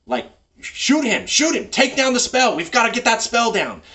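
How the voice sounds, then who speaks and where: A man shouting as a bossy battle villain. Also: extremely high pitch, very animated, moderate pace, recorded from a distance, pitched above the performer's own voice. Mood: urgent. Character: adult male villain yelling orders mid-battle.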